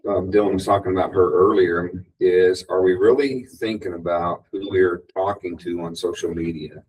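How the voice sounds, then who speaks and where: Panelist, male, very low husky voice, off-mic distance, casual and conversational. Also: moderate pace. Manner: conversational, animated when quoting.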